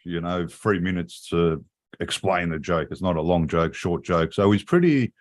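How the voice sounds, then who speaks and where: A man, his voice sitting a little low, chatting loosely on a livestream. He swears constantly, laughs a lot and keeps calling people mate. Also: moderate pace. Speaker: livestream co-host. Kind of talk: casual chat.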